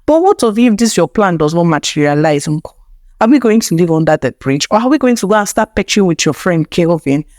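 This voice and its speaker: A frantic young bride fires off agitated questions and pleas, put on by a woman storyteller. The voice sits low for a woman and rises and falls widely, recorded close and dry. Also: sing-song, a little mellow, dry recording. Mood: tearful. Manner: pleading, agitated, rapid questions. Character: desperate young bride pleading with her groom.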